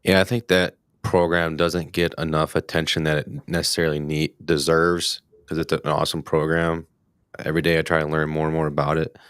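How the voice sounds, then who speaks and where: A man's voice: extremely low pitch, level tone, a little fast, fairly bright tone, clear, resonant tone, no echo, studio quality. A man hosting a hunting podcast, asking questions in a casual, slangy, enthusiastic way. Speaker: podcast host. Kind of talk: casual interview chat.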